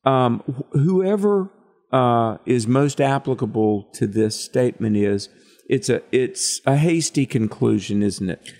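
A man's voice: mid-range voice, lively intonation, measured pace, darkish tone. A man co-hosting a Bible study discussion, reading scripture and drawing out its meaning in a preacherly way. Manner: preacherly, asks questions of co-host. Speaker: Bible teacher co-host.

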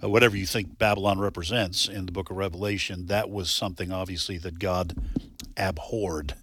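A man hosts a radio talk show, rambling and restarting as he goes. His voice is bright and sits in a dry, close studio sound. He chuckles at himself between thoughts. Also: low voice, steady tone, fairly quick, husky, dry recording.

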